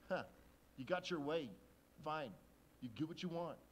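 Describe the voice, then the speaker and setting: A man voicing a grudging, annoyed male disciple who grumbles reluctantly in a low, sulky tone. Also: lively intonation, quick pace, a little mellow, a little hiss or hum, natural voice.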